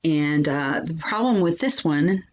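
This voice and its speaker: A woman hosting a casual screen-recording software walkthrough, chatty with frequent ums and restarts. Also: deep voice, lively intonation, unhurried, muffled recording. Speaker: software reviewer and channel host.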